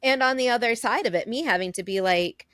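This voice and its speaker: A woman co-hosting a casual podcast, speaking candidly with casual swearing and pauses to find her words. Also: on the high side, a bit bright, no room sound, clean studio sound. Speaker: podcast co-host.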